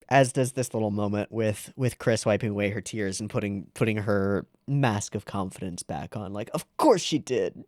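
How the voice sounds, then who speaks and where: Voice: low-pitched, normal speed, hardly any pauses, a little mellow, no room sound, studio quality. An anime reaction host giving casual, rambling, sarcastic commentary on episodes.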